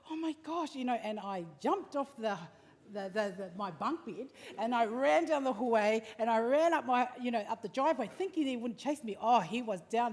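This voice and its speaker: A middle-aged woman with a New Zealand accent, sharing an animated personal story at a memorial service. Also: a little high. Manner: animated, acts out the story with lively asides. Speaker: family member speaking at a memorial service. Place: large hall at a live-streamed service. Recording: echoey hall with faint background noise.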